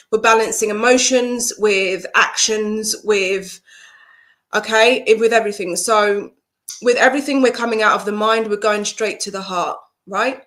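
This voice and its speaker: Bright-voiced woman giving live card readings. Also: medium pitch. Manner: warm greetings to viewers, flowing spiritual explanation. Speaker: psychic card reader. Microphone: video call setup.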